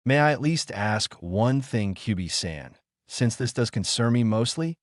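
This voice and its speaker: A man's voice: mid-range voice, lively intonation, unhurried, no room sound, clean studio sound, lightly acted. A man reading as a hot-headed young ninja boy. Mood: wary. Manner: ranting, yelling.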